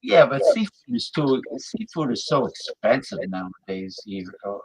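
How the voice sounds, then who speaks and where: A man's voice: mid-range voice, very animated, moderate pace, darkish tone, slightly rough, poor audio. A man chatting casually on a video call, stammering and restarting, emphatic about what he likes. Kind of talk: casual chat.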